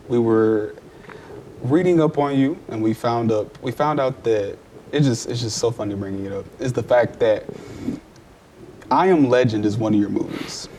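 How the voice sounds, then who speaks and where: A man interviewing a college athlete, conversational and quick with agreeing interjections. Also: mid-range voice, darkish tone, slight background noise. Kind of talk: sports interview.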